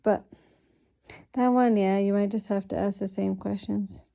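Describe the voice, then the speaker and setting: A sleepy woman reading a picture book aloud and explaining how to use it to prompt children, thinking aloud with fillers in a relaxed way. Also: mid-range voice, unhurried, vocal fry. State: sleepy, yawning.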